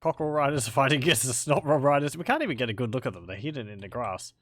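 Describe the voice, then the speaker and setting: A man's voice: mid-range voice, animated, very fast, fairly bright tone, no echo. A man giving casual, wry let's-play commentary on a strategy game, chatting and laughing along.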